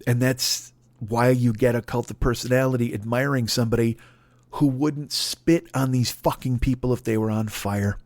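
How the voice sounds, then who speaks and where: A man in his forties hosting a solo comedy podcast, ranting in a profane, exasperated, animated way. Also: mid-range voice, normal speed, no room sound. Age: 40s.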